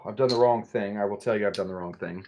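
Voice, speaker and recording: A man's voice: on the low side, quick pace, darkish tone, slight background noise. A man hosting a casual livestream cocktail demo, chatty, with jokey asides and frequent restarts. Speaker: bartender and show host.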